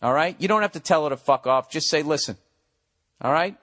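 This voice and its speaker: A man's voice: on the high side, brisk, a bit bright. A middle-aged man ranting on a comedy podcast, profane and sarcastic as he reads and answers a listener's letter. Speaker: podcast host.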